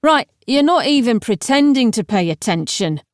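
A woman reading the part of a clever, impatient young male necromancer in an audiobook, talking in a brisk, lecturing way. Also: fairly high pitch, sing-song, dry recording. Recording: dry, close studio sound.

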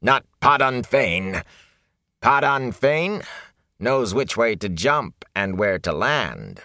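A man voicing a ragged, frightened male peddler who talks in a raspy, hoarse, whining way. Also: medium pitch, sing-song, slow pace, bright, forceful tone, no room sound, studio quality, pitched above the performer's own voice, heavily acted. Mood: defiant. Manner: whining, fearful, rambling.

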